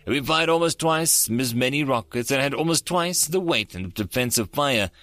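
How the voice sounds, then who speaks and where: A man's voice: medium pitch, expressive, normal speed, a bit bright, no room sound, close to an everyday voice. A man voicing a frustrated, analytical young female alien officer who grumbles with tightly held anger.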